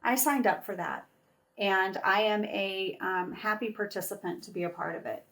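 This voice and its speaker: A middle-aged woman and actress chatting as an interview guest, telling stories in a bubbly, animated way. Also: medium pitch, moderate pace. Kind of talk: casual interview chat.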